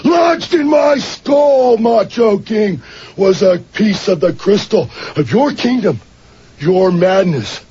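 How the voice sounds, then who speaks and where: A man delivering a theatrical wrestling promo, intense, dropping low and then bursting into shouts. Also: expressive, slow, lo-fi sound, slight background noise.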